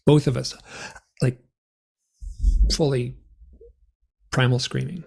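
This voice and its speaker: A man telling his story in a rambling, animated way, full of fillers, as a guest on an interview show. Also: medium pitch, slow, creaky, husky. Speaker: guest author and experiencer. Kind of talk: conversational storytelling.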